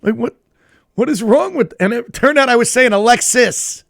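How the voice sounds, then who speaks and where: High, gravelly-voiced comedian host. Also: male voice, fairly quick, fairly bright tone, dry recording, clean studio sound. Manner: laughing storyteller. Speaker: podcast co-host. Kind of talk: casual comedy chat.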